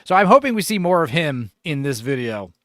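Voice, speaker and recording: A man in his forties hosting a podcast in casual chat, laughing, swearing and doing animated impressions. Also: fairly high pitch, a little fast, noisy background. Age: 40s. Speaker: podcast host.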